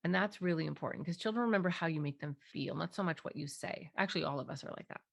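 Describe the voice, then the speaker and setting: A middle-aged woman, a parenting clinician, explains techniques in an interview, speaking fast in a low-pitched voice with vocal fry. She animatedly acts out the voices of parents and children.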